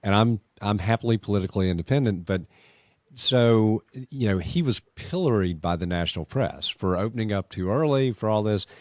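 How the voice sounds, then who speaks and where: A man from the United States hosting a podcast interview, speaking in a relaxed, conversational way with frequent fillers. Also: on the low side, fairly quick, no echo, clean studio sound. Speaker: podcast host.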